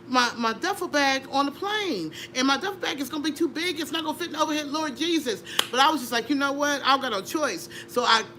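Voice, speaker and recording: Middle-aged woman guest, lively storyteller, bright tone. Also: high voice, slight background noise. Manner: animated, laughing, acts out voices in her story. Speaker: interview guest. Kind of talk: conversational storytelling.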